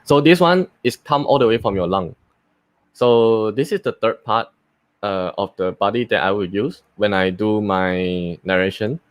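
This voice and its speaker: A voice actor, a man, casually explaining his voice techniques in an unhurried way with many fillers and restarts. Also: lowish voice, no echo. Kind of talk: casual live talk and voice demo.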